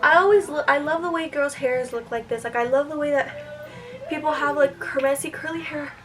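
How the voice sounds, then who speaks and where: A young woman talking casually as she styles her hair in a vlog, chatty and self-doubting, often thinking aloud and sometimes dropping to a soft whisper. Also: high voice, fairly even intonation, brisk, soft background music. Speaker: vlogger. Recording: distant mic, clear room noise.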